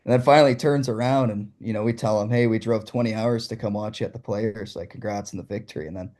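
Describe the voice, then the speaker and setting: A young man from Ontario, Canada, a guest telling his story with excitement and laughing as he goes. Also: on the low side, fast talker. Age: young adult. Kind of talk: casual storytelling.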